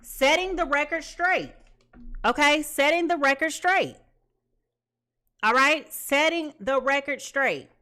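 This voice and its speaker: Bright, high-voiced woman reading tarot. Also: slow pace, long pauses. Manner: chatty, laughs often, repeats phrases. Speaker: tarot reader. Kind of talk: live tarot reading, casual chat.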